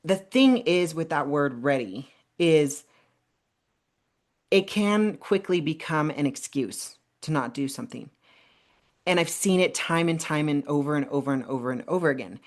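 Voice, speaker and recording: Low voiced woman cohost, emphatic pep talk, casual. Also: lively intonation, normal speed, a little mellow. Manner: emphatic, motivational. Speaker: podcast co-host. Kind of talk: casual chat.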